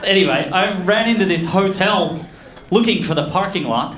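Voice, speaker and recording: A man with an Australian accent doing an animated stand-up comedy set, telling stories with loud voiced impressions. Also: high-pitched, normal speed, crowd noise. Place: comedy club stage with audience laughter. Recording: echoey club with loud room noise.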